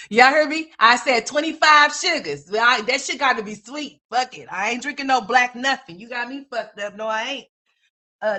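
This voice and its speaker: A woman's voice: fairly high pitch, pushed and bright. Blunt, salty woman livestreamer in her fifties. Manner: blunt, salty, laughs at her own jokes. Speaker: livestream host. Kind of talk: casual profane storytelling to a live chat.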